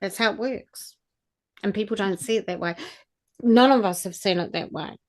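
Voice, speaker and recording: A woman's voice: medium pitch, normal speed. A middle-aged woman, giving an earnest, rambling spiritual talk and guided activation as a channeller. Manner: earnest, rambling, restarts mid-thought.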